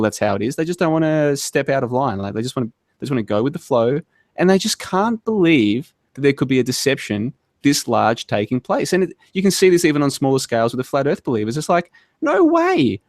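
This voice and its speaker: A man's voice: medium pitch, dry recording. Argumentative man in a dry online chat. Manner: argumentative, rambling, keeps asking "right?". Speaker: podcast guest. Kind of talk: casual online debate chat.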